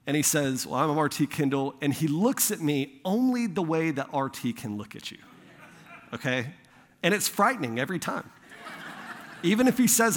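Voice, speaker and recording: A fairly high-voiced young man preaches from the pulpit, telling a story about himself in a loose, conversational way. He acts out the people he quotes, and his voice rings with the long reverb of a big hall. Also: a bit bright. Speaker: pastor. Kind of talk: sermon with personal story.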